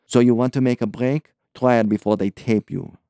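A man's voice: mid-range voice, fairly even intonation, normal speed, no echo, clean studio sound, natural voice. A man voicing a scornful young man with a foreign accent, urging and mocking in a conspiratorial audiobook scene. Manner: mocking, urgent, forceful.

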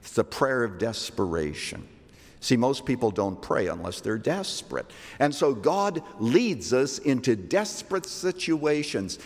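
An older man preaching a sermon as a pastor, slowing down to stress scripture verses with emphatic delivery. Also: mid-range voice, sing-song. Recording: long reverb of a large hall.

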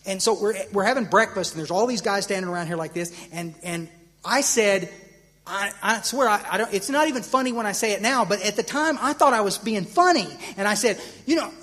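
A middle-aged man with a fairly high voice, telling a long personal story to a convention crowd. He stammers through restarts, jumps up sharply for the punchlines and sinks low for the quiet moments. The voice is caught with a long hall reverb. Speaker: AA convention speaker. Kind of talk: personal recovery story told to an audience.

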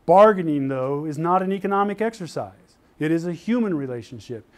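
Older lecturer, lively and high-voiced. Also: male voice, a little fast. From Utah, USA. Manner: lively storytelling, acts out quoted voices. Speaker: university lecturer. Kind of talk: animated classroom lecture. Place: lecture hall.

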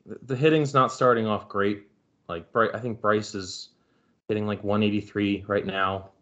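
A young man from the Philadelphia area with a Philly accent, co-hosting a casual sports podcast and rambling on in an animated way, swearing freely. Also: on the low side, normal speed. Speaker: podcast co-host. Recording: dull lo-fi audio.

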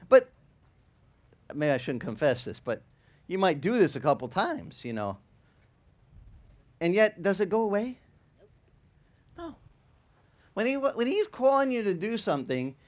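A middle-aged man, a pastor, telling a story in a sermon in a conversational way, acting out the dialogue. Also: high-pitched. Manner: animated, conversational, acts out dialogue. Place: church.

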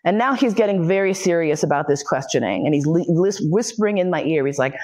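A woman's voice: lowish voice, animated, fast talker, hardly any pauses, darkish tone. A woman lecturer telling a personal story frankly and with plenty of swearing, acting out the voices she quotes.

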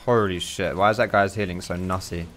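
A man's voice: deep voice, fairly even intonation, fairly quick, a bit bright, slight background noise. A man giving casual commentary while playing a video game, chatty, swearing and chuckling often. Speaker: gaming video creator.

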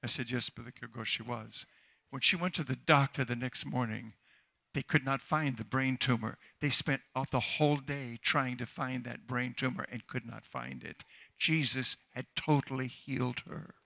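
A man's voice: mid-range voice, fairly even intonation, normal speed, creaky, bright, forceful tone. An older male preacher telling a healing testimony in a church sermon, building into fervent exhortation to the congregation. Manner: storytelling, then rising into fervent exhortation. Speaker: traveling preacher.

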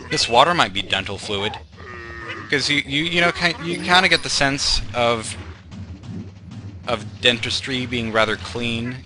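With game music running behind him, a young let's play commentator drifts through tangents and fillers, poking fun at himself as he plays. His pitch is medium, and the background is noisy.

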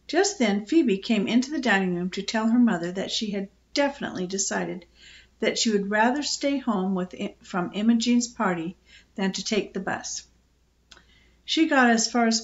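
An older woman, a grandmother storyteller, reading a children's book aloud in a gently expressive way. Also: medium pitch, normal speed, highs cut off.

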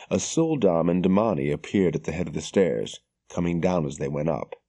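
A man reading a fantasy audiobook in scripted narration, measured and steady. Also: low voice.

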